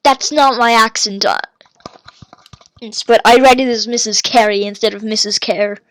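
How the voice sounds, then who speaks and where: A woman hosting a casual podcast, reviewing a book and reading pages aloud, chatty with many fillers and quick self-corrections. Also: fairly high pitch, fairly even intonation. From Ireland. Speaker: podcast host.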